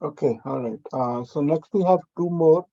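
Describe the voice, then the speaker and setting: A man hosting a virtual poetry meet, introducing the readers in a relaxed, hesitant way with many fillers. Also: a little high, moderate pace, creaky, dry recording. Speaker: event host. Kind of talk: casual hosting. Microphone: video call. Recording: dry, muffled video call audio.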